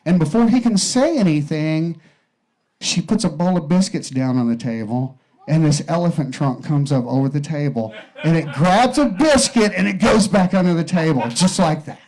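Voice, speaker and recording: A man on stage telling a crude, swear-heavy joke in his first stand-up set. His voice sits high for a man, and he slows down on the punch beats. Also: lively intonation, darkish tone, low-quality recording. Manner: profane, storytelling with deliberate pauses. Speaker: stand-up comedian.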